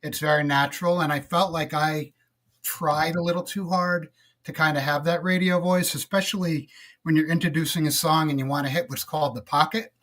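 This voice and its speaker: Man, middle-aged, podcast guest, slightly high voice, relaxed, reflective, lots of fillers. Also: a little fast. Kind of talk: casual interview storytelling.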